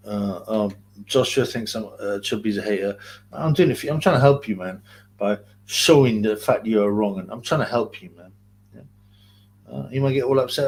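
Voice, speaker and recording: A man's voice: on the low side, fairly quick, gravelly, a little hiss or hum. A man with a London accent hosting a casual livestream, rambling in slang and reading chat comments aloud. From Greater London. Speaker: livestream host.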